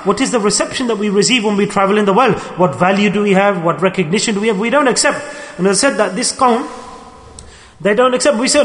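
A man preaches an emphatic sermon in a high voice, pressing his points hard and then dropping to a hush. His words ring in a large hall with a long reverb trailing behind. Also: quick pace. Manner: emphatic, swings between loud exhortation and hushed softness. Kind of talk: sermon with storytelling.

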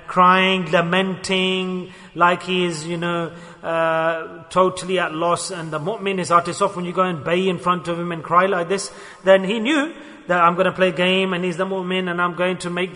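High-voiced male preacher in a reverberant hall. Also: sharp tone. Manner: storytelling, acts out quoted speech with sudden pitch and volume swings. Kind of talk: sermon.

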